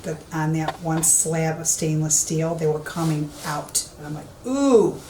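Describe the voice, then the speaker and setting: Low-pitched and monotone, with a darkish tone and normal speed, a psychic medium narrates as she moves through an empty old police station. Her speech is emphatic and repetitive. The recording echoes, with a faint background hiss.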